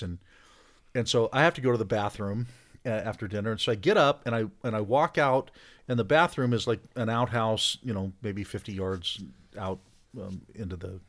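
A man telling a camp story in casual talk, animated, getting louder at the funny parts. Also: mid-range voice. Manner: animated storyteller, rising loud for punchlines. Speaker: podcast guest, hunter.

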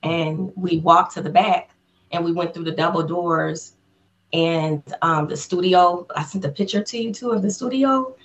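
An excited woman guest on an interview podcast recounts a personal story in a casual, chatty way, acting out the people in it as she goes. Her voice sits a little low for a woman. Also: moderate pace.

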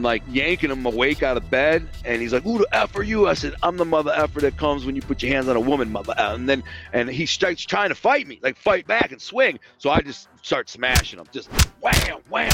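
A man's voice: mid-range voice, fairly bright tone, low-quality recording. A man telling his past in casual spoken storytelling. He talks bluntly, swears, and acts out the dialogue he quotes.

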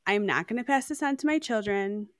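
A woman's voice: medium pitch, animated, fairly quick, no echo, clean studio sound. A woman hosting a podcast, chatting and telling stories, laughing often. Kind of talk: casual chat, storytelling.

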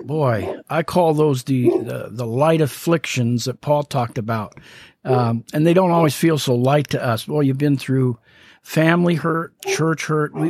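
A man's voice: medium pitch, a little mellow, dry recording, clean studio sound. A man hosting a casual faith podcast, talking enthusiastically and rambling with fillers. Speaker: podcast host.

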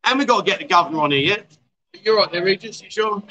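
A man's voice: high-pitched, animated, quick pace, bright, forceful tone, dull audio. A man hosting a casual livestream chat show at a bar, teasing and coaxing his guests. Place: outdoor bar.

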